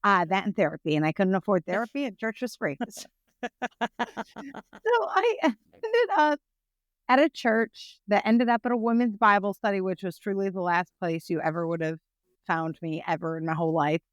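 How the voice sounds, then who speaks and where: A woman who founded a nonprofit tells an interviewer her personal story frankly and animatedly, often checking in with "right?". Her voice is mid-range at a moderate pace, with no room sound.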